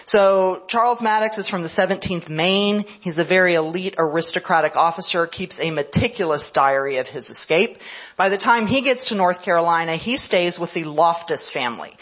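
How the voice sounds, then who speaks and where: A woman's voice: lowish voice, normal speed. A woman history professor giving a conference lecture, telling events as a story and explaining them as she goes. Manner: storytelling, explanatory, checks in with "right?". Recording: slightly dull lo-fi radio broadcast.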